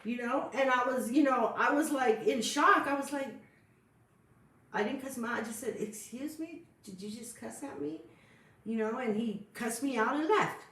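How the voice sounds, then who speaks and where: Animated woman, distant and echoey. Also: high-pitched, normal speed. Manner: animated storytelling, frequent "you know". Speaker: podcast co-host. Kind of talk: casual chat. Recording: echoey room, far from the mic.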